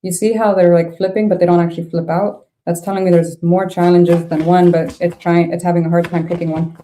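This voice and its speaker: Mellow-voiced woman reading tarot. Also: on the low side, little pitch movement, fairly quick. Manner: thinks aloud, laughs often, frank reactions. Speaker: tarot reader.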